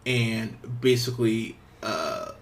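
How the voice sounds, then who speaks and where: A man's voice: fairly low pitch, very animated, slow pace, gravelly, crowd noise. A man hosting a movie podcast. He rambles through a casual review, swearing freely and laughing often. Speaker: podcast host.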